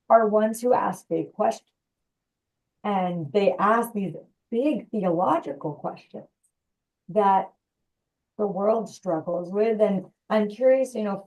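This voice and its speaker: A woman's voice: mid-range voice, a little mellow. Rambling woman host, muffled and distant. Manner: rambling, searching questions with many restarts and "you know". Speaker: rabbi hosting the event. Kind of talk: interviewer question over video call. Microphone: video call.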